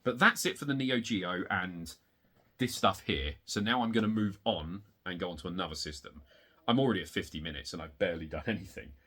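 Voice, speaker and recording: A man showing off his retro game collection in a casual, rambling way, excitable and swearing, getting worked up in rants, hot and sweaty. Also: a little fast. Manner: excitable, swearing, rants with big pitch jumps. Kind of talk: casual rambling show-and-tell.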